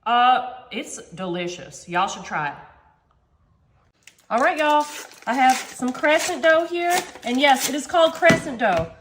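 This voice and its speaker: A woman's voice: high-pitched, lively intonation, unhurried, fairly bright tone, echoey room, a little hiss or hum. A woman hosting a casual home cooking video, chatty and self-joking, calling her viewers "y'all.". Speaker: home cooking channel host. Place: home kitchen.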